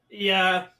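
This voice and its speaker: High bright-voiced guy cohosting, swears a lot, laughs constantly. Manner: laughs often, swears freely. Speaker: podcast co-host. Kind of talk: casual chat.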